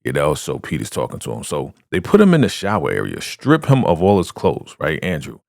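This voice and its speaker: A man's voice: extremely low pitch, fairly quick, creaky, dry recording, clean studio sound. A man giving a casual TV episode recap into a podcast microphone, retelling the scenes and acting them out. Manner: animated retelling that acts out the scenes. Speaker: TV recap vlogger. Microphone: studio podcast microphone.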